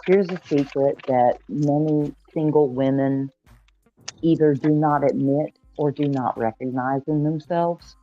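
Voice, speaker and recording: A man from Georgia explaining things in a calm, measured way during a casual call-in chat. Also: a little high, highs cut off, soft background music.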